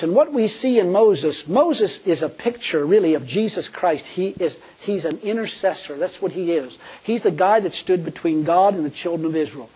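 This man preaches a folksy, colloquial sermon in a high, mellow, husky voice captured with lo-fi sound. He chuckles at his own jokes and dramatizes the pleas he quotes.

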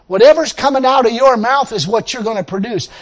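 High-voiced husky preacher man. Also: brisk, lo-fi sound. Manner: animated, laughing, acts out quotes. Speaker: pastor. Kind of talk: sermon. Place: church with responding congregation.

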